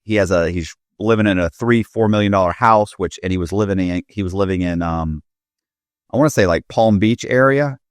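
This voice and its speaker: A man's voice: deep voice, brisk, no echo. A man telling a rambling story in casual podcast talk, with many fillers and restarts. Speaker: podcast guest.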